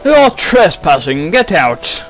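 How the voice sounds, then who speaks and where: A man's voice: high-pitched, very animated, slow, faint music behind, pitched above the performer's own voice, exaggerated voice. A man voicing a posh, grumpy male noble who snaps at intruders in a haughty manner. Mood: hostile. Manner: haughty, snapping, shouty.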